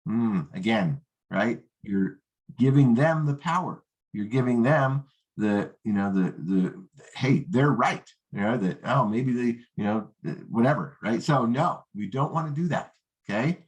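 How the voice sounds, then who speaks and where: A man's voice: lively intonation, a little slow. A man teaching a network marketing lesson, confident, often checking in with "right?" and "okay?". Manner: confident, acts out rookie and prospect lines in higher voice; peppers talk with "right?" and "okay?". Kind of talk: coaching lesson.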